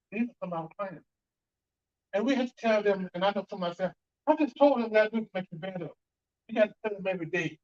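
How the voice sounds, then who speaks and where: A man giving an emphatic conference talk to an audience, with sudden bursts of loudness. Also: sits high, lo-fi sound. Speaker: conference speaker on fatherhood and reentry. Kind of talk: speech to an audience.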